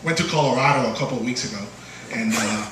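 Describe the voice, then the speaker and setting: A man doing a stand-up set on a small bar stage, halting with lots of uh and restarts, and jumping high when quoting voices. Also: far from the mic, noisy background. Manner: halting delivery full of uh and restarts, jumps high for quoted voices. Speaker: stand-up comedian. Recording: echoey bar room recorded from afar. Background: bar crowd ambience and laughter.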